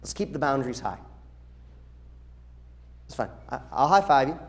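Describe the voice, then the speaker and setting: Speaking at a moderate pace in a gravelly, mid-range voice, a middle-aged pastor instructs his church's children's workers on practical matters in the sanctuary. He stays lively and animated, frequently acting out quoted people's voices.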